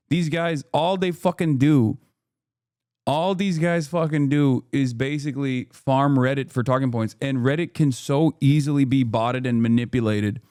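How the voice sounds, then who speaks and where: A man's voice: medium pitch, darkish tone, smooth, no echo, clean studio sound. A man livestreaming in casual commentary, ranting in a heated, profane and rambling way while he answers his chat. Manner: reads chat messages aloud and answers. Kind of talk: casual reactive stream commentary.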